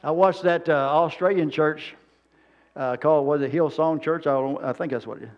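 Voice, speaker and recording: A man preaches in a loose, folksy way, wandering from story to story in plain-spoken words. His voice sits high for a man. The sermon recording sounds dull and lo-fi. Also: normal speed. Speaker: pastor.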